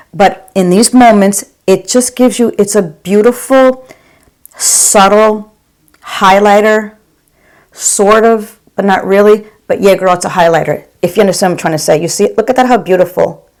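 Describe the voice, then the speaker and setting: A woman's voice: mid-range voice, darkish tone. A middle-aged woman and nurse reviewing her favorite makeup to camera in a gushing, chatty way, calling viewers "girl". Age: 40s or 50s. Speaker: beauty vlogger and OR nurse.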